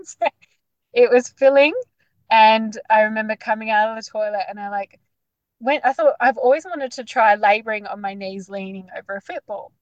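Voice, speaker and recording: A woman's voice: a little high, normal speed, no echo, lo-fi sound. A woman, casually telling a long personal story full of "like" fillers. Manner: chatty, animated, lots of "like" fillers. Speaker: guest sharing her birth story.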